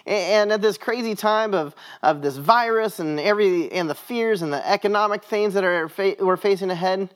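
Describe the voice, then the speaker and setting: A man's voice: high-pitched, normal speed, few pauses, fairly bright tone. Guy preaching in church, just chatting through a story. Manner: conversational storytelling. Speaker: pastor. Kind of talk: sermon.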